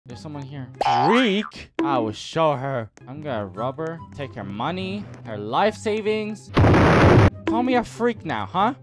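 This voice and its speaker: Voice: medium pitch, very animated, a little slow, faint music behind. A gaming video creator giving playful gameplay commentary, giggly and teasing, with sudden squeals.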